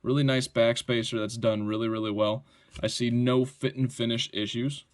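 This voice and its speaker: A man talks through a pocket knife in a loose, excited review, wandering off on tangents and checking in with "right?" as he goes. His voice sits at an ordinary middle pitch, and he swears mildly when something impresses him. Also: normal speed. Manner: enthusiastic, rambling, frequent "right?" and mild swearing. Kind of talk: casual product review.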